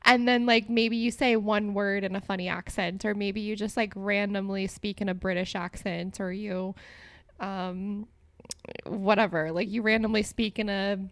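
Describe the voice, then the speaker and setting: A woman's voice: medium pitch, steady tone, normal speed, no room sound. A young woman hosting a solo podcast, talking casually with frequent laughs and lots of "like" fillers. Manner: chatty, giggly, lots of "like" fillers. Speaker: podcast host.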